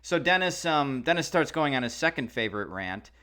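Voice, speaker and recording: A man's voice: medium pitch, sing-song, a little fast, sharp tone. A man co-hosting a podcast, telling a rambling casual story with lots of fillers. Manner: rambling, many fillers and restarts. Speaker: podcast co-host.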